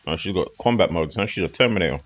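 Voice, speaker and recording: A man's voice: deep voice, animated, fast talker, faint music behind. A man, casually commentating a fighting game on a live stream in a loose, slangy, rambling way. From southeast England.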